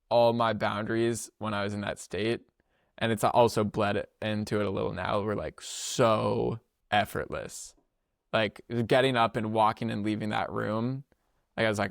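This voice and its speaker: A young man with a low, gravelly voice tells a story on his podcast in a loose, rambling way, with plenty of slang and quick laughs. The sound is close and dry. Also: no echo. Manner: rambling, laughs often, filler-heavy slangy speech. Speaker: podcast co-host. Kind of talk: casual storytelling chat.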